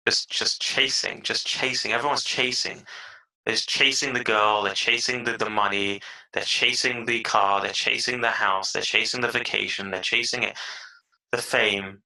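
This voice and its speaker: A man in his thirties with a British accent, a podcast guest telling stories in an energetic, animated way. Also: fairly low pitch, moderate pace, vocal fry, rough recording. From England (London). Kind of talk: casual interview chat.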